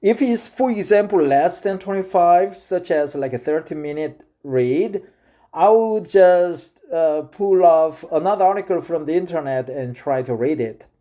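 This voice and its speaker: A middle-aged man from South Korea with a Korean accent, speaking English as a second language in a casual, hesitant monologue full of filler pauses. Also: fairly high pitch, dark tone. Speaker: vlogger.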